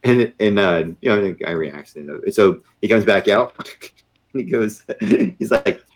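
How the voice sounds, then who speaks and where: A man's voice: on the low side, big pitch swings, unhurried, gravelly. A middle-aged man, a former Marine officer, telling a story in a casual interview and acting out the voices of the people in it. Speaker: podcast guest, retired Marine officer.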